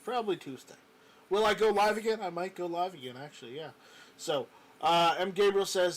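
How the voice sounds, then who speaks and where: A man's voice: high voice, animated, moderate pace, a bit bright, a little hiss or hum. A man hosting a casual livestream, chatting with a co-host and reading viewer comments aloud, often repeating words as he restarts. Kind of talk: casual live-stream chat.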